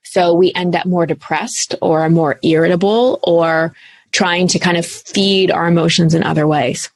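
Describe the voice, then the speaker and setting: A woman in her thirties, a coach speaking as an interview guest, telling her story in an earnest, animated way with casual fillers. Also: fairly low pitch, a little slow, no room sound. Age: 30s. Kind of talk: candid interview talk.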